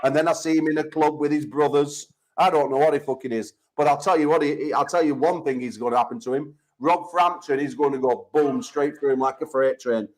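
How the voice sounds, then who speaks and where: A man's voice: on the high side, fairly quick, few pauses, a little mellow, rough recording. An English man hosting a call-in chat show, talking in brash, profane trash-talk banter. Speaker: host.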